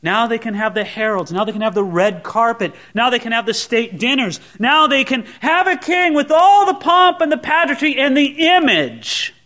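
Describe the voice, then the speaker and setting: A male pastor with a high-pitched voice preaches a sermon. He is animated and acts out the scenes, slipping into different voices as he goes. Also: moderate pace, hardly any pauses.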